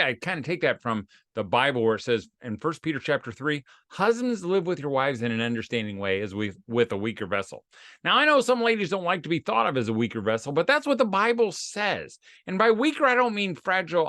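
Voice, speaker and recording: A man's voice: medium pitch, fairly bright tone, dry recording, clean studio sound. A middle-aged man hosting a short advice series for fathers, telling folksy, self-deprecating stories from his own family life. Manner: folksy and self-deprecating, acts out quoted voices. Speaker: host of a homeschooling tips series for dads. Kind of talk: casual advice talk with personal stories.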